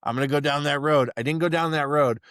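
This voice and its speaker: A man's voice: a little high, fast talker, a bit bright, no echo, clean studio sound. A man co-hosting a podcast about chiropractic, telling rambling stories with lots of swearing in casual chat. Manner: crude, rambling storyteller who swears freely.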